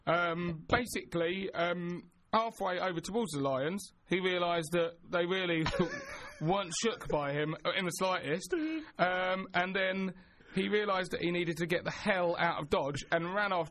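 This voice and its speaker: A man's voice: high voice, normal speed, few pauses, fairly bright tone, slight background noise. A man co-hosting a casual comedy podcast, rambling through a story with many fillers and silly put-on voices. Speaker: podcast co-host.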